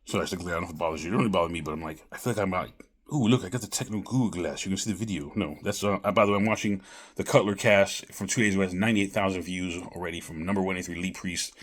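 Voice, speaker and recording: A man's voice: sits low, steady tone, racing, fairly bright tone. A man giving rambling casual political commentary straight to camera, calling his viewers folks. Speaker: vlogger.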